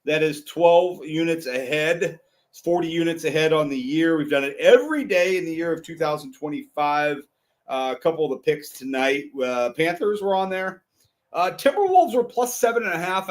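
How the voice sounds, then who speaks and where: A man's voice: on the high side, lively intonation, moderate pace. A man co-hosting a sports podcast, talking casually about betting picks and games with a laid-back, rambling manner. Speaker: podcast co-host.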